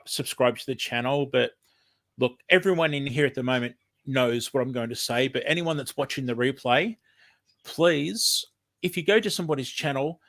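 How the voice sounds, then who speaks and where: A man's voice: mid-range voice, fairly bright tone. An Australian man hosting a casual livestream, chatting in a rambling, friendly way with lots of ums, a bit sniffly from hay fever. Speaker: livestream host.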